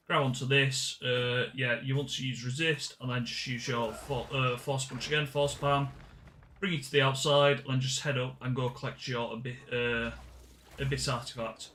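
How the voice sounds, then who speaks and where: Guy talking thru a game puzzle, bright sharp voice, keeps fixing his words as he goes. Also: mid-range voice, fairly even intonation, unhurried. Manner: casual, chatty, self-correcting. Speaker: gaming channel host. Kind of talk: game walkthrough commentary.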